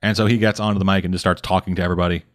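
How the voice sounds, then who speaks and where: Low-voiced man, cussing podcast co-host talking through a comic late at night, casual. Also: little pitch movement. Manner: profane, rambling recap with quick mock voices for characters. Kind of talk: casual chat. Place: home at night, speaking quietly for housemates.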